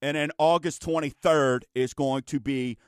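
A man hosts a casual radio talk show, spinning folksy stories in a chatty way. His voice sits fairly high for a man, and the recording is dry and close. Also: steady tone, normal speed, clean tone, no echo. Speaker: radio show host, mortgage lender.

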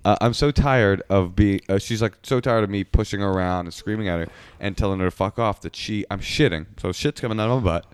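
A man in casual podcast talk, telling profane stories and acting out shouted quotes. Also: on the low side, fast talker, few pauses, clean tone, no room sound. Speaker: comedian guest.

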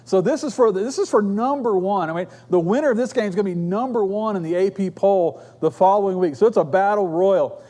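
A man's voice: high voice, a little fast, hardly any pauses, warm tone. A middle-aged man preaching a sermon, telling stories in an earnest, conversational way.

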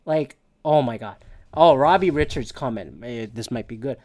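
A woman's voice: extremely low pitch, lively intonation, moderate pace, a little mellow, no echo, clean studio sound. A woman hosting a solo podcast, ranting casually with lots of swearing, sarcastic and opinionated. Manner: profane, ranting, swears often. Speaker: podcast host.

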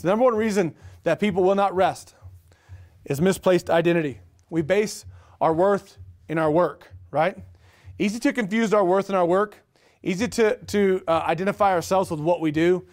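High-voiced man preaching with energy. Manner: energetic preaching with rhetorical questions and repetition. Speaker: pastor. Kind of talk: sermon.

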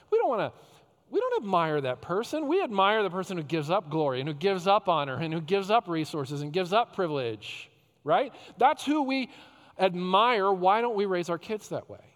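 Emphatic preacher man in echoing hall. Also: high voice. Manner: emphatic preacher, swinging between loud rhetorical questions and hushed tender phrases. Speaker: pastor. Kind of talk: sermon. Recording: long hall reverb.

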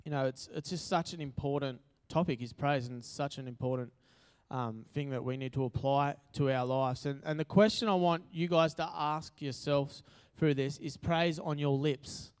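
A man's voice: medium pitch, steady tone, normal speed, hardly any pauses, clean tone. An Australian man giving a casual, chatty sermon at church, joking and using lots of fillers. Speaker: preacher. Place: church hall.

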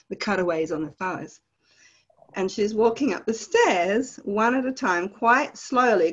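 An Australian woman with a fairly low voice recounts her memories in a lively, descriptive way, often laughing as she goes. The recording sounds a little dull and lo-fi. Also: slightly rough. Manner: animated, vivid storytelling with laughs. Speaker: guest. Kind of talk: storytelling in a podcast interview.

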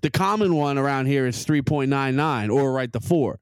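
A man's voice: medium pitch, moderate pace, clear, resonant tone, no room sound. A young man co-hosting a podcast, ranting heatedly and animatedly with lots of swearing. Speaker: podcast co-host. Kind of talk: profane comedic rant.

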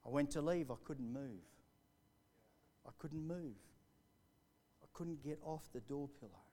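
A man preaching a sermon live in church, building to fervent emphasis and then dropping to a hushed storytelling voice. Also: medium pitch, unhurried. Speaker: pastor. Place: church hall, recorded live.

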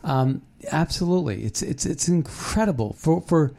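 Guy co-hosting a chat show, kinda high voice, rambly, lots of ums and restarts. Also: animated, normal speed, gravelly, a little mellow. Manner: rambling, many fillers and restarts. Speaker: podcast co-host. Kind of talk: casual commentary chat.

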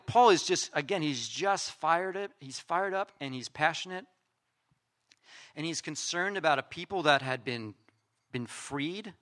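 A man, a pastor giving a casual sermon, reading scripture aloud and paraphrasing it in a conversational, animated way. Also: a little high.

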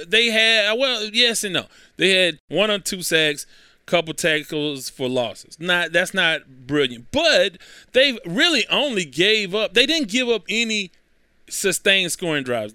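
A man's voice: fairly high pitch, bright, forceful tone, smooth, no echo, clean studio sound. A man hosting a sports talk segment, giving his football picks in a chatty way, correcting himself as he goes and adding wry asides. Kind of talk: casual sports picks commentary.

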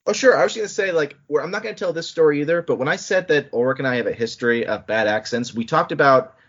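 A man hosting a podcast in casual chat. He talks in an animated way, with quick asides and laughing restarts. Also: a little high. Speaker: podcast host. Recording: muffled lo-fi audio.

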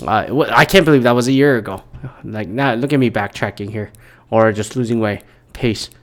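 A man's voice: fairly low pitch, normal speed. A man talking alone in a casual monologue, rambling off on tangents and swearing freely as he rants. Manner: rambling, profane, goes off on tangents.

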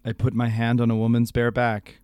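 Guy putting on an old radio yarn-spinner voice, deadpan, low, super close mic. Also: brisk, smooth, no echo, natural voice. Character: older male radio storyteller, dry, mock-modest. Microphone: very close to the microphone.

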